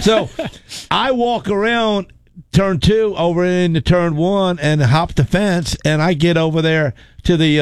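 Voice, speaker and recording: A man's voice: a little high, no echo, clean studio sound. A man telling a racing story in casual chat, rambling, repeating words and laughing. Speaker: race car driver telling stories.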